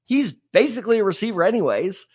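Young male podcast co-host, fairly high voice, animated rants, muffled lo-fi sound. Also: quick pace, slightly rough. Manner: animated, opinionated, mock-dramatic rants. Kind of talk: casual sports chat. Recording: dull lo-fi mic.

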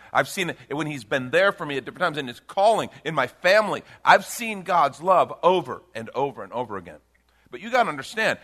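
A middle-aged pastor preaching a sermon to a congregation, delivered with big swings between loud emphasis and quiet intensity. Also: male voice. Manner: dynamic preaching with big swings in pitch and loudness.

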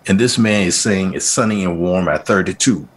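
Deep, husky and fairly fast, this middle-aged man from Liberia tells his personal story as a guest in an interview. He's animated and voices people's quoted words in a louder, livelier tone.

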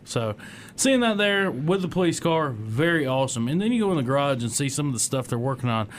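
A man's voice: medium pitch, big pitch swings, a little fast, slight background noise. A man co-hosting a radio show, chatting about cars in an easygoing way. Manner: easygoing, laughs along. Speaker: co-host. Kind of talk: casual radio show chat.

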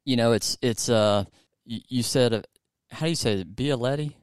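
A man's voice: medium pitch, moderate pace, clear, resonant tone, no echo, clean studio sound. A male podcast host from the United States chatting casually, rambling with many fillers and restarts. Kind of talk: casual interview chat.

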